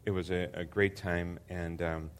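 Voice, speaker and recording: A man's voice: sits low, flat delivery, a little slow, smooth. An older man preaching as a visiting pastor, earnest and hesitant with many fillers, building to emphatic repetition. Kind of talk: sermon.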